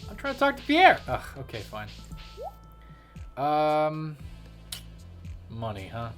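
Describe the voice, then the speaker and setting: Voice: mid-range voice, huge pitch swings, takes it slowly. Chatty streamer over game music. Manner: playful, chatty, wry asides. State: tired legs after a run. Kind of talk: casual let's-play commentary. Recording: clear game music behind the voice.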